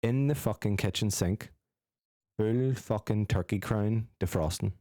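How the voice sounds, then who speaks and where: A young man, telling a sweary, animated story as a podcast co-host. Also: on the low side, a little slow, no echo, studio quality. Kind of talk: casual storytelling with friends.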